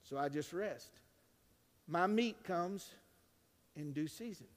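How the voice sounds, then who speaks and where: Male pastor, high tenor, dynamic preaching with humor, church reverb tail. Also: lively intonation, slow. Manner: dynamic preaching, swings from hushed to loud, joking asides. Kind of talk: sermon. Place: church sanctuary. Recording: long reverb of a large church.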